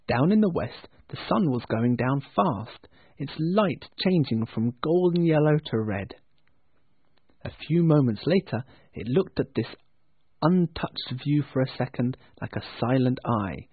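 A man narrating a storybook in a slow, expressive way. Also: mid-range voice, breathy edge, dry recording. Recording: tinny phone-like sound.

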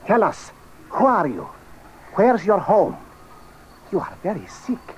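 A lively young jungle hunter. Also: male voice, high-pitched, slow, slight background noise, heavily acted, poor audio. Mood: concerned. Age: young adult.

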